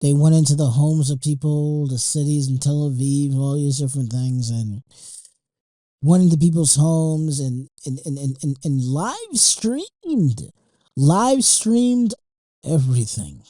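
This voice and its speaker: A young man hosts his podcast in a loose, emotional monologue that is full of fillers and restarts and peppered with swearing. His voice is dark and mellow. The recording is dry and close, with no room sound. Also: a little high, animated, a little slow, dry recording, poor audio. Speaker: podcast host. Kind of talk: casual monologue.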